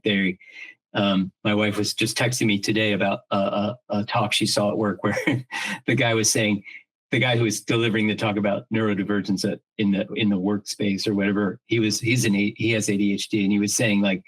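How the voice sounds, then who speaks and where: In a rough recording, a middle-aged man with a fairly low voice co-hosts a podcast. Casual but earnest and reflective, he thinks out loud through many restarts and throws in the odd casual swear word.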